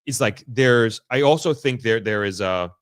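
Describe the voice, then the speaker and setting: A man's voice: mid-range voice, normal speed, smooth, no room sound, clean studio sound. A man giving a casual, unscripted update to his viewers, often stopping and restarting as he picks his words with care. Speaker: vlogger giving an on-the-ground update. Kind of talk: casual unscripted talk to camera. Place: in the area the update is about.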